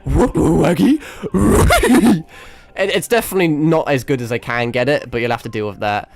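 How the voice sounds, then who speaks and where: Um jovem streamer conversando casualmente de madrugada, divagando com muitos palavrões, hesitações e recomeços, com a voz cansada e falhando depois de horas falando. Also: male voice, medium pitch, animated, fast talker. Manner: rambling, swearing, lots of restarts and fillers. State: voice tired and cracking after hours of talking. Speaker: VTuber streamer. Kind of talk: casual late-night stream chat. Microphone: desk microphone.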